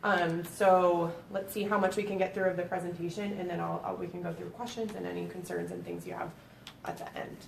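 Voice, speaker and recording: A woman's voice: lowish voice, animated, brisk, creaky. A woman from Boston with a Boston accent, a nurse giving a friendly educational presentation with frequent fillers. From Boston, USA. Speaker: pediatric epilepsy nurse presenter. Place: library meeting room. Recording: echoey room, distant mic, faint noise.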